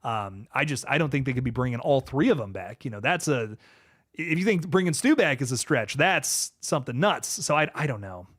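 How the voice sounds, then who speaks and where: A man's voice: medium pitch, animated, a little fast, fairly bright tone, dry recording, clean studio sound. A young man hosting a casual livestream from home, reading viewer comments aloud in a laid-back way and often repeating and restarting words. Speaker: livestream host.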